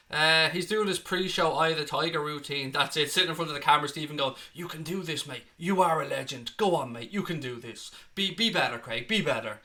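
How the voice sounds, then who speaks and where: A man's voice: on the high side, bright, forceful tone. A young Irish man hosting a casual live stream, chatty, blunt and outspoken. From Ireland. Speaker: host.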